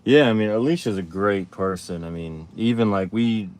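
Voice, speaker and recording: Low-voiced man telling a story. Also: darkish tone. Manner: rambling, halting, with many restarts and fillers. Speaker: show host. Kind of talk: casual storytelling on a live stream.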